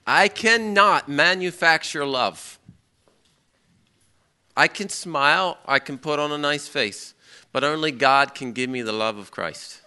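A man's voice: fairly high pitch, measured pace, smooth. A middle-aged man preaching a sermon, acting out people's outbursts and prayers as he speaks. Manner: animated, acts out quoted people and prayers.

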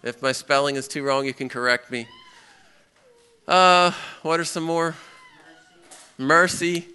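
A man leading a Bible class, bright and clear, his voice sitting a little high for a man. He tells a story with lots of energy and keeps turning to his listeners with questions. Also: unhurried. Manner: lively, asks the audience questions, acts out a story. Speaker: pastor teaching a Bible class. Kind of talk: interactive sermon with storytelling.

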